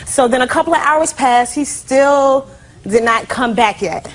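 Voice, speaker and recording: A woman's voice: high-pitched, a little slow, a little hiss or hum. A woman in her twenties, a plaintiff in a TV courtroom, telling her story chattily with lots of "like" and "you know". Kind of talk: courtroom testimony.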